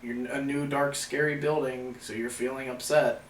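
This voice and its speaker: A man's voice: mid-range voice, level tone, normal speed. A man hosting a live paranormal investigation in an old house, talking casually with restarts and reading viewer comments aloud. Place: old house at night, indoors. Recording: roomy, distant, faint background noise.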